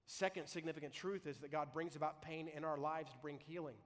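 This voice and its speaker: Guy pastor preaching, kinda high voice, casual sermon, big echoey church hall. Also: fairly even intonation, fairly bright tone. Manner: conversational preaching, slows to read scripture.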